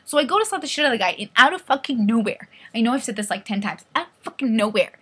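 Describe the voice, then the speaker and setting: A young woman in her twenties tells a wild story straight to camera, swearing and acting out every person she meets. Her voice is bright and forceful and sits a little high. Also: rapid-fire, a little hiss or hum. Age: 20s. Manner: animated, profane, acts out quoted voices. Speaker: vlogger. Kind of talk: comedic storytelling vlog.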